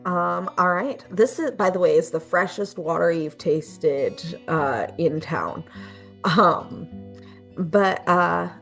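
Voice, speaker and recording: A woman narrating as game master of a tabletop game, talking in a relaxed way with many ums and uhs. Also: fairly low pitch, slow pace, vocal fry, soft background music.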